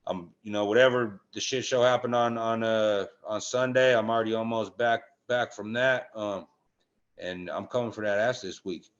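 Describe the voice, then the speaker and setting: A man's voice: on the low side, fairly even intonation, moderate pace. A man co-hosting a casual sports betting chat, blunt and full of swearing, with many "uh" and "um" fillers. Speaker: podcast co-host. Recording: dull lo-fi sound.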